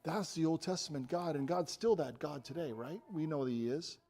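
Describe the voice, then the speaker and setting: An earnest male preacher with a high voice delivers a sermon. He drops to soft, intimate tones, then climbs into emphatic, raised declarations. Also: a little fast, a little hiss or hum. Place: church.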